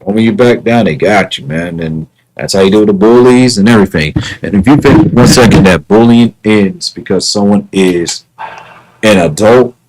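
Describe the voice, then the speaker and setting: A man's voice: lowish voice, normal speed, darkish tone, low-quality recording. Earnest man rambling on a livestream. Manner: earnest, repetitive, stammering restarts. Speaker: live streamer. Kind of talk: casual livestream talk.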